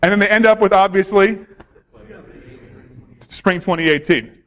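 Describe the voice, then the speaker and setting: A man's voice: high-pitched, unhurried, long pauses. A man giving a conference talk on security, joking and quizzing the audience. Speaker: conference speaker.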